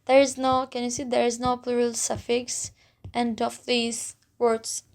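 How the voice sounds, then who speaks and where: High, slow female teacher, patient and repetitive, walking beginners through pronunciation. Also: monotone. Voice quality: non-native English, simple phrasing with small grammar slips. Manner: patient, repeats words several times, drawn-out pronunciation examples. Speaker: Turkish language teacher. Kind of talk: slow explanatory language lesson.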